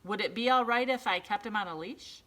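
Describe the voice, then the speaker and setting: A woman's voice: medium pitch, a little fast, a bit bright, voice pushed up, close to an everyday voice. A woman voicing an earnest middle-aged man who is fed up with being misunderstood. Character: exasperated middle-aged man, pet penguin owner.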